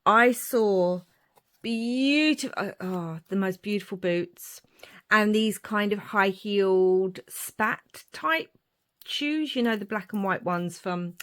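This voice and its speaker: Woman in her forties, crafting vlogger, chatty and rambling, mid pitch. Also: takes it slowly. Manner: chatty, rambling, warm asides. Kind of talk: casual show-and-tell narration.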